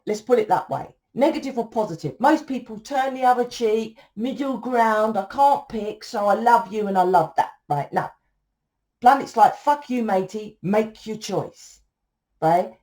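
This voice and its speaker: In a casual spiritual monologue, a female tarot reader speaks bluntly and with profanity, rambling and ending sentences with "right?". Her voice is mid-range with a dark tone.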